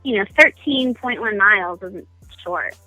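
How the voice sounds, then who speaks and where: A woman's voice: medium pitch, expressive, unhurried, bright, forceful tone, no echo, soft background music, low-quality recording. A woman guest chatting casually in a phone-in radio interview, self-deprecating and full of ums. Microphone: phone call.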